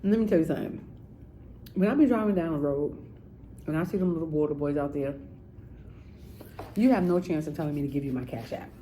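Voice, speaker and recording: A woman's voice: low-pitched, fairly quick, pauses often, dark tone, slight background noise, poor audio. A woman giving casual, sassy commentary straight to her viewers. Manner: chatty, sassy, addresses viewers directly. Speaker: commentary vlogger.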